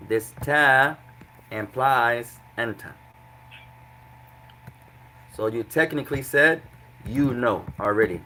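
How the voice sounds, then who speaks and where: Male Arabic teacher, bright clear tone, patient, repeats translations, faint background hiss. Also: medium pitch, rough recording. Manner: breaks grammar into small steps. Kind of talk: classroom lesson.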